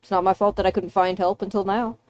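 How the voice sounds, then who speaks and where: A woman voicing a self-justifying male dark elf dealmaker in a tabletop game. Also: medium pitch, flat delivery, fast talker, no echo, highs cut off, natural voice. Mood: defensive.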